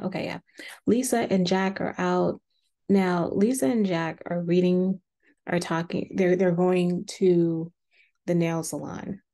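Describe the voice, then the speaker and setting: A woman casually recapping a reality TV episode, chatty and acting out the quotes. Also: lowish voice. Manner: chatty, acts out quotes in a lively voice.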